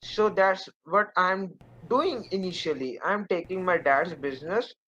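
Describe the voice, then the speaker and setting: A man's voice: sits high, unhurried, a bit bright, highs cut off, slight background noise. A man with an Indian accent, a caller who is slightly intoxicated, rambling and hesitant with many fillers. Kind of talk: casual call-in chat.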